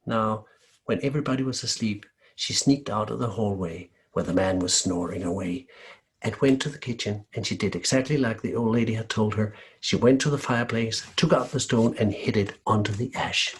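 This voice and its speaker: A man from Denmark telling a folk tale aloud in a lively, expressive way. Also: fairly low pitch, normal speed. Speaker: storyteller. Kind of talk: oral folk-tale storytelling.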